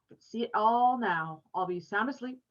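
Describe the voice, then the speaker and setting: A friendly, chatty older man who teases a boy kindly, as a woman reading a storybook puts him on. His voice sits at an ordinary pitch. The recording sounds a little dull and lo-fi. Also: moderate pace, close to an everyday voice. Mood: teasing. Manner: teasing, chatty.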